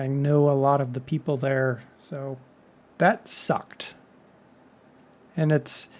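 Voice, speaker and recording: A man's voice: fairly high pitch, darkish tone. A man from Texas talking casually to his viewers in a rambling monologue full of joking asides. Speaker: vlog host.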